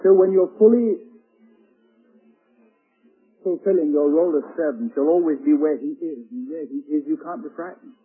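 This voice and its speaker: A man preaching a sermon with dramatic swings between hushed and loud delivery. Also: on the high side, moderate pace, long pauses, husky. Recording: tinny lo-fi radio broadcast.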